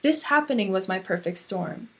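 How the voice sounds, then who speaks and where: A woman in her thirties, a podcast guest, talking candidly and earnestly in an animated way. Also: medium pitch, moderate pace. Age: 30s. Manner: earnest, animated, acts out quoted voices. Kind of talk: candid conversational interview.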